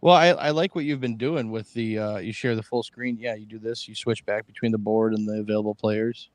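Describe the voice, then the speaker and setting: A man's voice: on the low side, fairly even intonation, fairly quick, no echo. A man co-hosting a live fantasy football draft stream, easygoing and rambling in casual chat. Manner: easygoing, chuckling, rambling with restarts. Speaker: podcast co-host.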